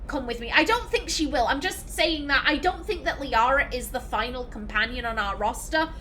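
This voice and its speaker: A woman hosting a let's play, musing aloud in chatty, reflective commentary. Her voice is high and bright, with a faint hum underneath. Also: normal speed. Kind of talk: casual game commentary.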